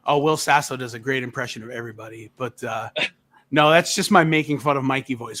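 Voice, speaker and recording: A man's voice: medium pitch, fairly quick. A man co-hosting a casual music podcast, joking and ribbing his friends. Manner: teasing, joking, animated. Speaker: co-host.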